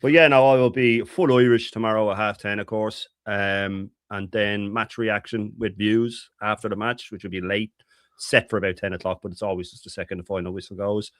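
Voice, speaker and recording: A man's voice: on the low side, steady tone, fairly quick, dry recording, studio quality. A man, a guest on a casual live panel, talking with passion and emphasis. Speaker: guest YouTuber.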